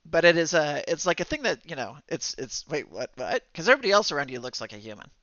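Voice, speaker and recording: A man running a tabletop game as game master, narrating in a halting way with many fillers and restarts. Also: fairly high pitch, sing-song, pushed and bright, dry recording, muffled recording.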